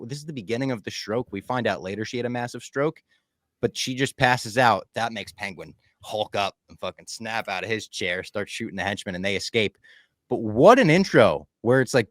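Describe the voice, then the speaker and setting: A man's voice: lowish voice, no room sound, clean studio sound. A young man co-hosting a podcast in casual chat, animatedly recapping scenes and acting out lines. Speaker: podcast co-host.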